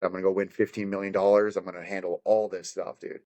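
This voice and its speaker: A man's voice: low-pitched, flat delivery, fast, a little mellow. A man, a fighter guest on a podcast, talking in a rambling, profane and fired-up way in casual conversation. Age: adult with children.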